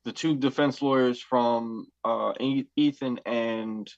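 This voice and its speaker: A man's voice: medium pitch, fairly even intonation, slow, no room sound, highs cut off. A male host in a casual interview, asking probing follow-up questions.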